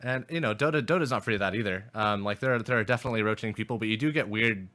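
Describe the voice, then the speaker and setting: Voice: mid-range voice, rapid-fire, fairly bright tone. A podcast co-host in casual gaming talk, musing with many restarts and fillers like "you know" and "like".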